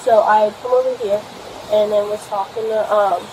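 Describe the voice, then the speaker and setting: Young woman telling an officer her side, rambling and profane, mid-pitched, faint ambient noise. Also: fairly even intonation, normal speed, dark tone, poor audio. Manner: rambling, full of fillers and swearing. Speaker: woman giving a statement to police. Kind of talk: recounting an argument to an officer. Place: at a home. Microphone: police body camera.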